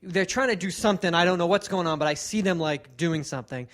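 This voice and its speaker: A man's voice: high voice, fast talker, fairly bright tone. A man co-hosting a podcast, telling a rambling, casual story with many fillers and restarts. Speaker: podcast co-host.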